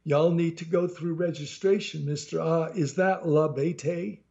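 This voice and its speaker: A man voicing a bored woman clerk at a registration desk, drawling slowly. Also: a little high, flat delivery, vocal fry, dark tone, muffled recording.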